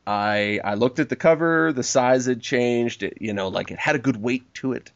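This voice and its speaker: A man hosting a casual chat, animated and swearing freely, quoting people in mock voices, on a dull lo-fi recording. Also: medium pitch, moderate pace, creaky, no echo.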